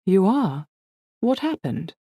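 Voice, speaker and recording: A woman's voice: mid-range voice, big pitch swings, slow, warm tone, breathy edge, dry recording, clean studio sound, pitched above the performer's own voice, heavily acted. A woman voicing a distracted workaholic lawyer mother who speaks in an affected upper-class English accent. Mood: brisk, distracted. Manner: distracted, clipped, condescending.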